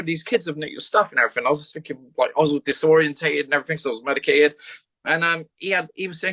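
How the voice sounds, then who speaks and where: Fast, bright-voiced man telling a story. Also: on the high side. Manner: rambling, swears freely, with lots of fillers. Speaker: podcast guest. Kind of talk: casual storytelling chat.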